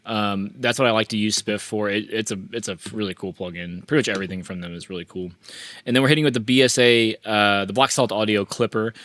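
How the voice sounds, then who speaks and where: A man hosting a relaxed mixing tutorial, talking through his plugin settings with frequent restarts and fillers. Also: fairly low pitch, fast talker, no echo. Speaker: mixing engineer and tutorial host. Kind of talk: casual screen-share mixing walkthrough.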